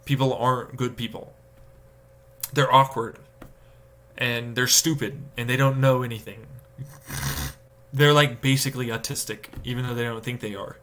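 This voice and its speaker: A man live-streaming a casual rant, swearing and exasperated, mocking others with sudden high-pitched outbursts. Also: steady tone, moderate pace, pauses often, fairly bright tone.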